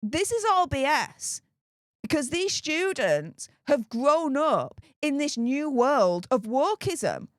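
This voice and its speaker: A woman's voice: high-pitched, very animated, slow pace, no room sound, studio quality. A woman from England with a Northern English accent hosting political commentary, talking in a riled-up, sarcastic, emphatic way. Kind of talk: opinionated commentary.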